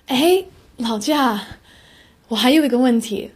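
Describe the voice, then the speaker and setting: A woman's voice: on the high side, lively intonation, a little slow, breathy edge. A woman playing a hotel guest who politely but firmly raises complaints in a scripted learner dialogue. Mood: complaining.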